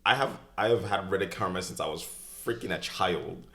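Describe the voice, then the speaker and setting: Podcast co-host, young man, Toronto accent, deep and gravelly, brash and profane. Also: a little fast, pushed and bright. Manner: swears freely, brash and rambling. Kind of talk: casual chat.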